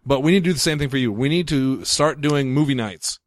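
A man's voice: mid-range voice, a little fast, no echo. A man hosting a casual group chat, eagerly rattling off titles to his friends. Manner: enthusiastic, rattles off movie titles.

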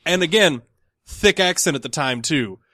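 A man's voice: fairly high pitch, lively intonation, normal speed, pushed and bright, no echo, clean studio sound. A man hosting a podcast, chatting casually and telling a long rambling story with many restarts. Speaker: podcast host. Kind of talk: casual chat.

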